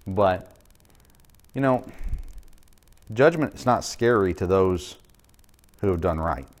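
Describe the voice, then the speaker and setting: A man's voice: low voice, expressive, slow. A middle-aged man, a pastor, preaching a sermon in a conversational way, with frequent fillers and restarts.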